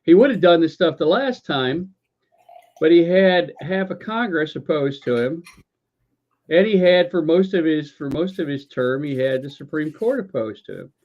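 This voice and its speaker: In dull, lo-fi podcast audio, a male co-host rants casually about politics, swearing, stammering into restarts and leaning on sarcasm. His fairly high voice is expressive with a darkish tone, and he moves at a moderate pace.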